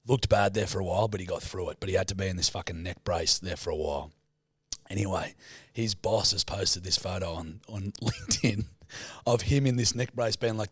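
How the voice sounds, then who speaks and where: A man's voice: lowish voice, a bit bright, husky, dry recording. A man with an Australian accent co-hosting a podcast, swearing freely and telling laid-back yarns. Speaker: podcast co-host. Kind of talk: casual chat.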